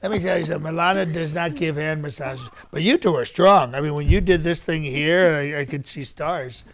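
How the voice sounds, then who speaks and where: A boastful older politician who rambles and repeats himself, as a comedian puts him on. The voice sits high for a man, with a gravelly, fry-laden edge. He keeps circling back to brag. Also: fairly quick, lightly acted. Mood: joking. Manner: bragging, repetitive, rambling asides. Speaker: comedian doing an impression. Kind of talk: live-stream comedy press conference.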